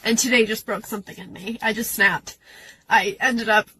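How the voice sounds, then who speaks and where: A woman's voice: mid-range voice, steady tone, normal speed, sharp tone, slight background noise, low-quality recording. A young adult woman venting about a workplace conflict in a personal video, upset and tearful, with nervous laughter breaking through. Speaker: worker recounting a conflict. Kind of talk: emotional personal vent video. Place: outdoors at a beach.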